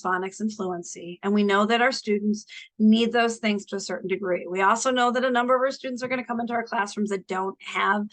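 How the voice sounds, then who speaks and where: A woman teaching a course in a recorded lecture, with a voice of middling pitch for a woman. She explains ideas patiently and step by step. Her delivery is loose and conversational, with many ums and restarted phrases. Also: a bit bright, rough recording. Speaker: course instructor.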